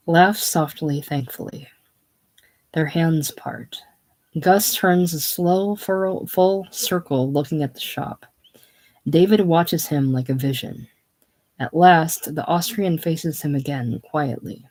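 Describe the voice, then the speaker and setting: A reader casually reading a play's stage directions aloud in a steady, plain way. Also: medium pitch, takes it slowly. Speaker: reader of a play.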